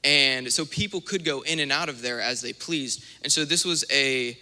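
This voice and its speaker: A young male minister preaching a sermon, telling stories in an animated way and acting out little scenes. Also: mid-range voice, normal speed. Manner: animated storytelling with acted-out asides. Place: church sanctuary. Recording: long church hall reverb.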